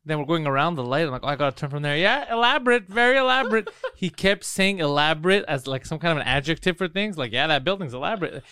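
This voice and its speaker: A man's voice: a little high, fast, hardly any pauses, clean tone, dry recording, clean studio sound. A man co-hosting a podcast, telling stories with lots of swearing and acting out what others said in casual banter. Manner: animated storytelling, acts out quotes, swears a lot. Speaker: podcast co-host.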